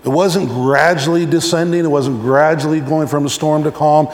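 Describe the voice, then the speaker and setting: A man's voice: a little high, moderate pace. A male pastor preaching a sermon, telling stories and acting out little scenes along the way. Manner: animated storytelling, acting out examples. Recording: echoey hall.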